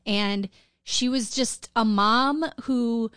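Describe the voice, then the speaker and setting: A woman co-hosting a podcast, telling stories in a lively casual way, with swearing and laughter. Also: fairly high pitch, very slow, clear, resonant tone, dry recording, clean studio sound. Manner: animated storytelling with swearing and laughter. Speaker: podcast co-host. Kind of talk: casual chat.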